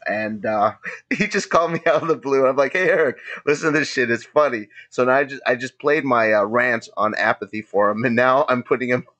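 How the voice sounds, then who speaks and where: A man's voice: on the low side, pushed and bright. A man in his thirties hosting a podcast, telling stories in casual chat, swearing a lot and laughing often. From Los Angeles area. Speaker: podcast host. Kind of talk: casual profane storytelling.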